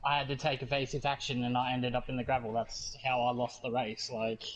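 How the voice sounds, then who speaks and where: A man's voice: mid-range voice, level tone, fairly quick, crowd noise. A man, a racing driver, venting his frustration about how he lost the race. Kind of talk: casual post-race interview. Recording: dull lo-fi voice chat.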